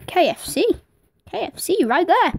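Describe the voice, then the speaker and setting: A woman's voice: very high-pitched, sing-song, moderate pace, slight background noise. A woman with a Manchester accent giving casual reaction commentary, blunt, sarcastic and swearing freely. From Manchester, England. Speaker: streamer reacting to videos. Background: music from the played video.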